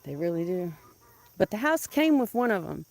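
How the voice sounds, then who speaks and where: A woman chatting casually to camera in her backyard as she tends her chickens. She laughs often and scolds the birds in a loud, high voice. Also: sing-song, normal speed, vocal fry, dry recording. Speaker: vlogger keeping backyard chickens.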